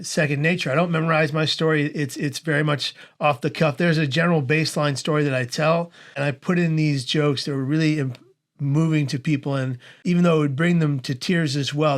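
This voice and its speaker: A man in his forties with a slightly raised pitch, speaking as an interview guest. He tells his story in a lively, humorous way, laughs often, and acts out the voices of the people in it. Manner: animated, humorous storyteller who laughs through his anecdotes.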